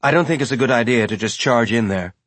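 A man's voice: medium pitch, quick pace, a bit bright, no room sound, natural voice. A man voicing a decisive male ship captain who speaks urgently and directly.

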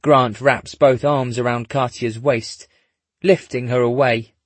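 A man narrating a story in a husky voice, dropping in dry, wry asides. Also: mid-range voice, steady tone, slow, no echo. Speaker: audiobook narrator. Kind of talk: scripted narration.

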